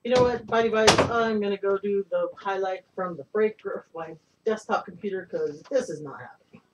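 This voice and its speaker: A woman who fosters cats chatting briskly at home while she runs a stream. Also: mid-range voice. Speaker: cat foster mom and streamer. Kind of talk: casual chat. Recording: muffled, distant, noisy home stream mic.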